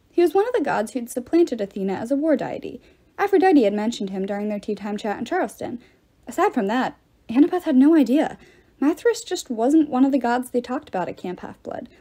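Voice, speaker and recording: A woman reading a novel aloud with expressive storytelling. Her voice sits fairly high and moves a lot, with a mellow, soft tone. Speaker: audiobook reader.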